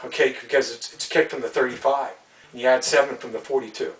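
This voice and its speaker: In a heated solo video, a Canadian man rants angrily about football rules, his medium-pitched voice steady and quick. He repeats himself and stumbles over restarts, and the audio is poor, roomy, and picked up by a distant mic.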